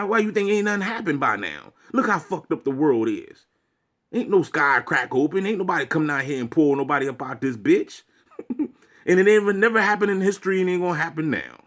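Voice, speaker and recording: A man's voice: fairly high pitch, fairly bright tone. A man delivering a preachy, profanity-laced rant to his viewers as a vlogger. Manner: preachy, swearing, lecturing.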